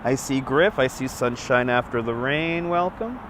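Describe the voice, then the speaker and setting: Medium in pitch and a little slow, this man's voice has lively intonation. On a live walking stream through a city street, filmed from a phone on a gimbal, he greets viewers by name in a friendly, upbeat, chatty way. His slightly stuffy nose may make his voice crack, and there's faint street and traffic noise.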